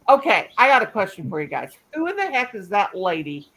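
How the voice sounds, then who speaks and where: Woman host, casual stream chat, lively intonation, very talkative. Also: medium pitch, a little fast, rough recording. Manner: chatty, animated, laughs a lot. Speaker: livestream host.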